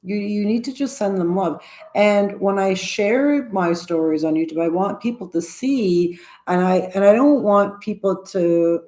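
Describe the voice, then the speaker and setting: Speaking a little slowly in a warm, mid-range voice, a YouTuber in her sixties vlogs casually and sincerely to camera. She interrupts herself frequently, starting over and looping back partway through sentences.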